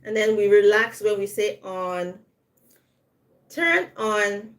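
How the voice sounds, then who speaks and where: A woman's voice: mid-range voice, level tone, moderate pace. A woman giving a live online English lesson, patiently modeling word stress and switching into French to explain. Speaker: English tutor.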